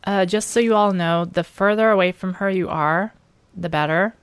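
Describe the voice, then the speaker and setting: A woman's voice: fairly low pitch, normal speed, smooth, dry recording. A woman giving casual game commentary at home, joking and impatient, talking back to the characters. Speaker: let's play gamer.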